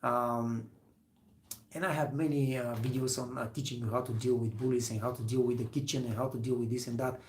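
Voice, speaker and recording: A man's voice: mid-range voice, steady tone, a little fast, a little mellow, echoey room, slight background noise. A man, a hospitality trainer, giving an earnest, rambling motivational talk to young trainees, full of fillers.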